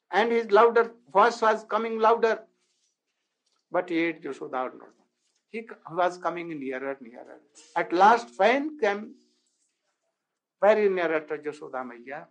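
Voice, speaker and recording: A man with a high voice tells a devotional story slowly, one unhurried phrase at a time. His English is halting and non-native, and he keeps turning to his listeners with rhetorical questions. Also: poor audio. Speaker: spiritual lecturer.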